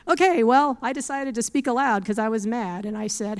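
Woman, smooth clear voice, earnest testimony, quotes scripture, laughs easily. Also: a little high, unhurried. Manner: laughs often. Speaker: speaker giving a faith testimony. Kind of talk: testimony talk.

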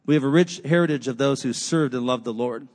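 A man's voice: mid-range voice, brisk, a little mellow. A man preaching a sermon, with repetitive rhetorical lists and casual conversational asides. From United States. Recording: long hall reverb.

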